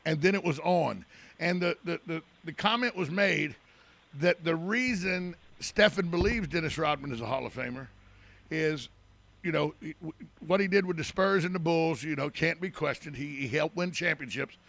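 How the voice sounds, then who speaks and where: A man's voice: on the high side, moderate pace, gravelly, fairly bright tone. A man hosting a radio talk show from the studio, chatting casually in a rambling, joking, self-deprecating way. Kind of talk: casual on-air chat.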